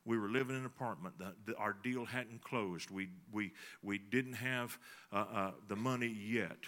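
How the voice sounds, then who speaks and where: A middle-aged man preaching a sermon, telling a folksy personal story that swings between soft, confiding passages and emphatic ones. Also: fairly low pitch, normal speed. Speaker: pastor.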